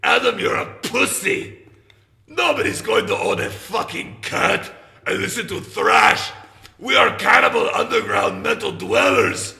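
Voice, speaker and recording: A man voicing a crude masked ghoul metal singer who hosts a call-in segment, shouting profanity in a mock-menacing way. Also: lively intonation, unhurried, echoey room, exaggerated voice. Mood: ranting. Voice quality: gravelly, shrill. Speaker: host of a call-in question segment.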